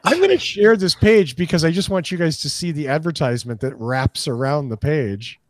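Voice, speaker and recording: A man with a slightly high, expressive voice speaks briskly with no echo. He's co-hosting a podcast, chatting casually and cracking jokes, sometimes restarting his sentences hesitantly.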